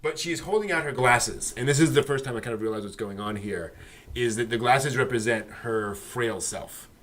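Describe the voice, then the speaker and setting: A man co-hosting an anime discussion show, talking through scenes thoughtfully with lots of ums and pauses. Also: mid-range voice, a bit bright. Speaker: podcast co-host. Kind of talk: casual analytical discussion.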